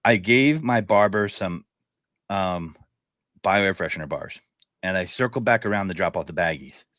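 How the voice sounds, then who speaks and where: A man's voice: deep voice, animated, moderate pace, a bit bright, no echo, clean studio sound. A man co-hosting a podcast in casual chat, telling stories in a laid-back way and laughing as he talks. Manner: laid-back storyteller, laughs while talking. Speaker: podcast co-host.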